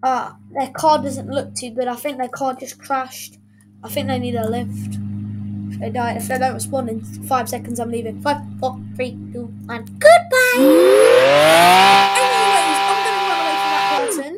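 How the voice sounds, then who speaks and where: High-voiced young woman narrating gameplay. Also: steady tone, moderate pace, over loud music, poor audio. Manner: rambling, giggly, easily flustered. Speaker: gaming channel host. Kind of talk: casual gameplay commentary. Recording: loud background noise.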